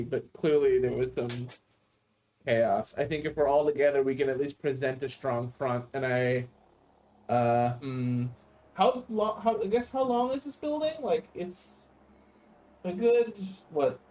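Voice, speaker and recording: A man's voice: mid-range voice, lively intonation, a little slow, a little mellow. A man playing a tabletop game, hesitant and thinking aloud with restarts. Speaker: player. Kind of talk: casual tabletop play.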